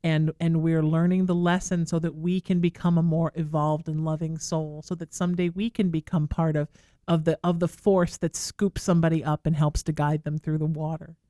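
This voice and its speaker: A woman hosting a talk radio show, giving gentle, affectionate advice to a caller while close to tears. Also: sits low, level tone, normal speed, no room sound. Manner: soothing, affectionate, calls the caller sweetheart. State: tearful. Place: radio studio. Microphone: studio microphone.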